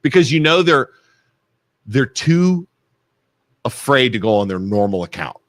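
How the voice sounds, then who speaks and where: A man co-hosting a live talk podcast, speaking frankly and with indignation. His voice is mid-pitched, and the sound is dry and close. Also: sing-song, unhurried, no echo. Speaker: podcast co-host. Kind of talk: casual live podcast chat.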